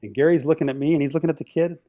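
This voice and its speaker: A man telling stories on a podcast in a casual, animated way, acting out quotes and laughing often. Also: fairly high pitch, rapid-fire, phone-quality sound. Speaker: podcast guest, drum line instructor. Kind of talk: casual storytelling.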